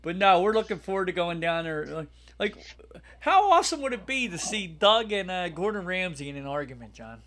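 Excitable podcast co-host, slightly high-pitched man, rambling and loose. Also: brisk, a little hiss or hum. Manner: excitable, laughs loudly, rambling. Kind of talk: casual chat.

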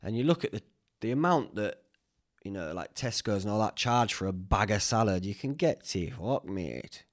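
A young podcast host with a Northern English accent speaks in a lowish, expressive voice at normal speed. He rambles casually through stories, chatting away and cursing freely.

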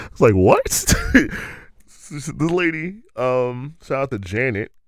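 A man's voice: mid-range voice, animated, slow, no echo. A man telling stories in a loose, rambling monologue, laughing often and restarting his sentences.

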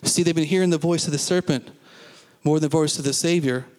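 A man's voice: on the high side, steady tone, fast talker, darkish tone, big-room sound. A man preaching a sermon to a congregation, emphatic, repeating phrases and asking the listeners questions. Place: church.

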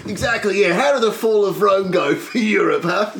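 Guy playing a dopey film-obsessed fireman, kinda high voice, rambly, echoey room. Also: normal speed, fairly bright tone. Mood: goofy. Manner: rambling, giggly, easily sidetracked. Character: dopey male firefighter obsessed with movies. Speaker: comedy podcast co-host. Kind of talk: improvised comedy role-play.

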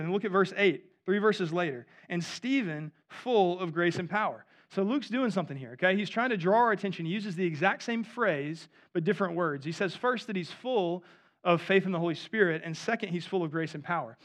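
A pastor in his thirties preaches a sermon conversationally, his voice sitting high and a bit bright. He keeps checking in with listeners by asking "right?"

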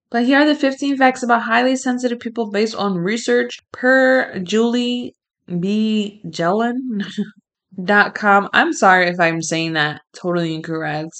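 A woman's voice: fairly high pitch, unhurried, fairly bright tone. A young woman hosting a podcast alone, chatting candidly and laughing often between her remarks. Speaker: podcast host. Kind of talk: casual solo podcast monologue.

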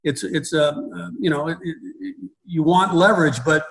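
A middle-aged man, a baseball coach, talks through his ideas in an interview. His voice sits a little high for a man, and he keeps restarting and repeating words as he goes. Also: fairly even intonation, moderate pace, low-quality recording. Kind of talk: conversational interview.

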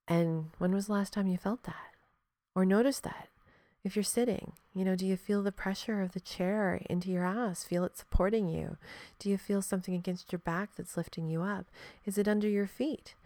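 A woman with a fairly low, slightly mellow voice hosts a podcast, speaking at a moderate pace in a steady tone on a dry recording. Her monologue is casual and reflective; she talks frankly and directly to the listener, swearing freely and laughing often.

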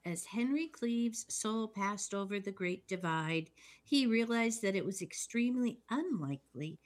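A woman on a podcast recapping a film's plot in casual chat. She speaks slowly and in a measured way, adding dry comments as she goes. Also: mid-range voice. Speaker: podcast co-host.

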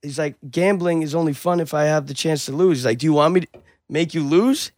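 Animated storytelling man, casual and profane. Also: on the high side, a little fast. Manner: animated storyteller, acts out dialogue, swears a lot. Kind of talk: casual chat.

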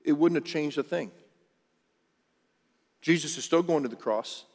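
A man's voice: on the high side, unhurried, darkish tone. A man preaching a sermon, in a conversational, earnest style that often restarts and talks straight to the congregation. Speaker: pastor. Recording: long reverb of a large hall.

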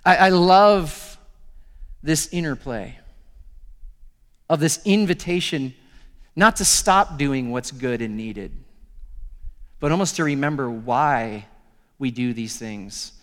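A male pastor preaching a sermon in a conversational, animated storytelling manner. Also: mid-range voice, slow pace, long pauses, in a large hall.

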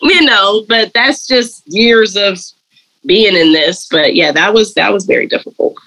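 Animated woman telling her story. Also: medium pitch, a little slow, low-quality recording. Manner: animated, jumps into lively voices when quoting people. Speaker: dog groomer and colorist guest. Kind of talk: casual interview storytelling. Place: lives and works in Atlanta.

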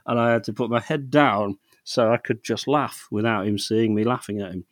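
A middle-aged man co-hosting a podcast, telling stories in a sweary, animated way and laughing often. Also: mid-range voice, moderate pace, no echo, clean studio sound. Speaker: podcast co-host. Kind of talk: casual chat.

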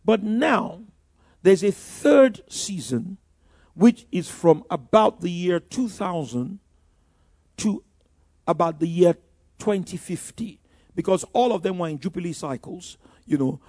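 A man's voice: high voice, expressive, unhurried, darkish tone, slightly rough, no echo, clean studio sound. An older male pastor preaching a sermon, emphatic, with frequent "you know" fillers and stumbling restarts.

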